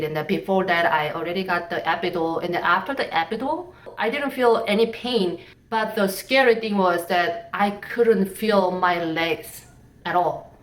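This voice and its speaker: Korean-accented woman, echoey distant mic. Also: lowish voice. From North Korea. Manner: candid, halting, laughs while telling. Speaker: vlogger. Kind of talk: personal storytelling. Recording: roomy echo, mic at a distance.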